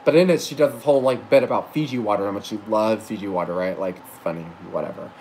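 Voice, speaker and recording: A man's voice: fairly low pitch, quick pace, darkish tone, slight background noise, rough recording. A man telling a story in a casual vlog, gushing and rambling, with restarts and casual swearing. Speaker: vlogger.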